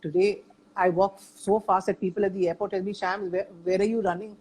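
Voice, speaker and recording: A woman's voice: mid-range voice, level tone, a little fast, darkish tone, slightly rough, rough recording. An older woman sharing her experience in a casual chat, talking emphatically and repeating points for stress.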